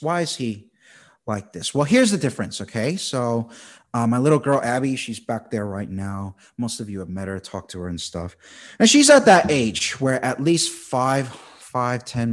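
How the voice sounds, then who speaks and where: A man in his thirties preaching a conversational, animated sermon as a pastor, teaching through a Bible passage. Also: mid-range voice, normal speed.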